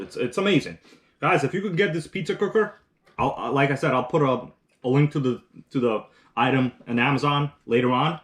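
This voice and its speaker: Chatty man hosting a live stream. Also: mid-range voice. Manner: rambling, chatty, reads chat comments aloud while eating. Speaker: livestream host. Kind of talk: casual live stream chat.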